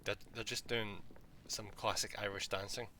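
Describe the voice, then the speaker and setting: A man's voice: on the low side, level tone, normal speed, sharp tone, a little hiss or hum. Chatty, joking male streamer. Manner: joking, chatty, swears casually. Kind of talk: live game commentary.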